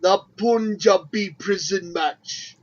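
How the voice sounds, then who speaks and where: A man's voice: sits high, slow pace. A man co-hosting a podcast in casual chat, hesitant and often repeating words. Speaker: podcast co-host. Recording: dull lo-fi sound.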